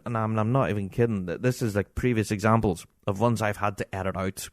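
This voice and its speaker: A man with a Scottish accent hosting a podcast, telling an exasperated, animated anecdote in casual talk. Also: fairly low pitch, fairly quick, dry recording. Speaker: podcast host.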